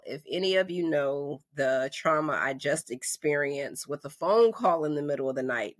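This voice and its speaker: A woman in her forties from North Carolina, hosting a podcast and telling a story in a lively, conversational way, acting out the voices in her quotes. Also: fairly low pitch. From North Carolina, USA. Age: 40s. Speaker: podcast host. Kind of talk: casual storytelling monologue.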